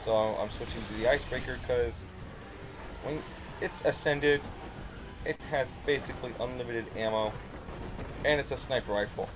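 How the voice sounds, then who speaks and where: A man's voice: medium pitch, moderate pace, long pauses, noisy background. A man giving a casual, rambling play-by-play commentary over his own gameplay footage. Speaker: gamer, channel host. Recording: game sounds behind the voice.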